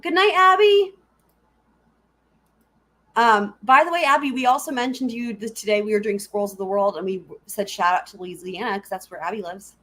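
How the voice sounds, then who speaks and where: A woman's voice: medium pitch, fairly even intonation, fast, few pauses, fairly bright tone. A woman hosting a live stream, chatting casually and giggling as she answers her viewers.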